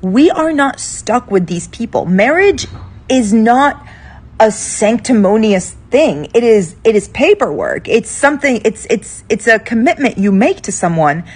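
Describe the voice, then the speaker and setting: A woman's voice: a little high, big pitch swings, unhurried, a little mellow, slightly rough. A woman in a played clip, giving blunt, emphatic advice and repeating lines for stress. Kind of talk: casual advice monologue.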